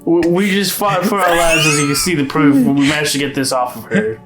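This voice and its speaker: A man playing a tabletop game, talking hesitantly with soft laughs. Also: fairly high pitch, a little fast. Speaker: player. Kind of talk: casual tabletop play. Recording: echoey room with music over it.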